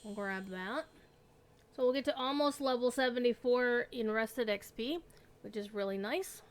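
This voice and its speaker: A woman with a voice on the high side, speaking at normal speed, streams an online role-playing game. She chats casually with her viewers and her pet in a relaxed manner, comfortable with swearing.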